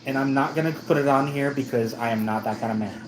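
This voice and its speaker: A man's voice: medium pitch, fast talker, background noise. A man from the United States telling a story in a casual vlog, rambling and often correcting himself. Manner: rambling, self-correcting, with many restarts. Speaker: vlogger.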